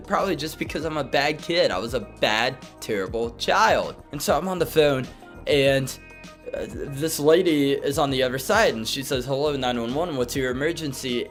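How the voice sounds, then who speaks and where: A man in his twenties tells a funny childhood story in a casual, animated way. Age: 20s. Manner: animated, dips low and jumps high, laughs between bits. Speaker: vlogger.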